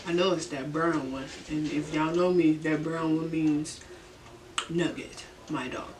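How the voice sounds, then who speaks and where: A woman's voice: low-pitched, fairly even intonation, a little slow, far from the mic. A young woman chats through a story in her bedroom, loose, slangy and profane, laughing often. The mic sits a little away from her, so her voice carries some room echo. A faint hiss runs underneath. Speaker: vlogger. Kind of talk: casual storytelling during a mukbang.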